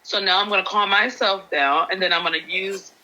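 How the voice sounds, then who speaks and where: A woman's voice: medium pitch, fairly even intonation, a little fast, pushed and bright, low-quality recording. A woman in a parenting class, a mother, sharing an earnest personal update and retelling what happened at home. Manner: earnest, retells events with quoted lines.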